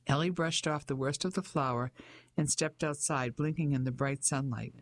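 An audiobook narrator reading a novel in an even, measured storytelling manner. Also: medium pitch, no room sound. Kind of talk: scripted narration.

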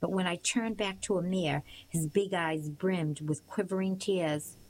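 A woman narrating a storybook in the first person with a steady, measured reading. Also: fairly low pitch, poor audio. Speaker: audiobook reader.

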